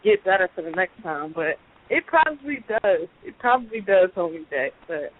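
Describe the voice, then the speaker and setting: A woman's voice: fairly low pitch, expressive, moderate pace, a little hiss or hum. A woman with a mixed Baltimore and New York accent, calling in as a battle rapper guest, talking in loose, laid-back street slang. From Brooklyn, New York. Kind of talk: casual phone interview. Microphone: phone call. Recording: tinny dry phone line.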